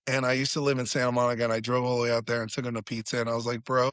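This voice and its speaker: A man's voice: medium pitch, flat delivery, racing, a bit bright, no echo. A man, a podcast guest, telling a story in casual chat, swearing freely and acting out quotes in a raised voice.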